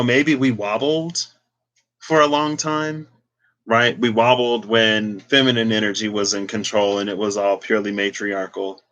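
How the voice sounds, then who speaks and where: A man's voice: fairly low pitch, fairly bright tone. A man giving a casual, reflective talk on spirituality and tarot, meandering with many fillers as he thinks aloud. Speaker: tarot reader.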